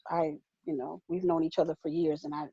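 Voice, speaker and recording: A woman with a mellow, slightly husky voice speaks casually and encouragingly in a group discussion. Her voice sounds dull, lo-fi and dry over the call. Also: deep voice, little pitch movement, a little fast, dry recording. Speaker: youth mentor.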